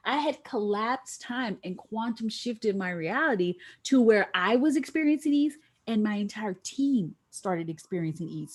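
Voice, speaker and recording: A middle-aged woman guest telling a lively story in a podcast interview, acting out the voices of the people she quotes. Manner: animated, acts out quoted voices with big pitch jumps.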